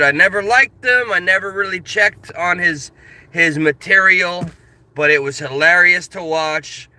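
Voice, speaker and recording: A man's voice: on the high side, pushed and bright, slight background noise. A man vlogging from his car into a phone, ranting passionately and animatedly in casual commentary. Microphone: phone camera.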